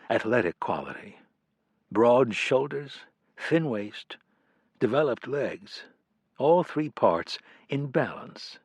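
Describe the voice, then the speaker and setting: A male audiobook narrator reads in a low, measured voice and slows down on key details. The recording is dry and close-miked, with no room sound at all. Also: slightly rough, no echo. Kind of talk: scripted narration.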